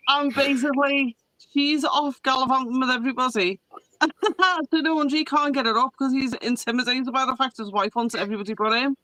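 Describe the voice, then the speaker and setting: Podcast co-host, woman, high and bright voice, dry close sound, giggly and animated. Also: normal speed, no echo, low-quality recording. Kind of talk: casual chat. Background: pet dog nearby.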